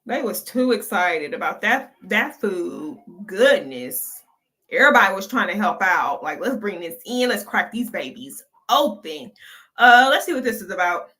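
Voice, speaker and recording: A woman's voice: medium pitch, big pitch swings, unhurried, bright, forceful tone. A woman hosting a casual reaction commentary, chatty and gossipy, laughing often as she talks. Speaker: reaction channel host.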